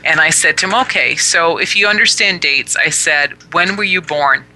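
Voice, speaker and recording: Female talk show host, crisp bright tone, earnest storytelling monologue. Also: lowish voice, normal speed, poor audio. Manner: narrates by reenacting her own conversations; earnest and reflective.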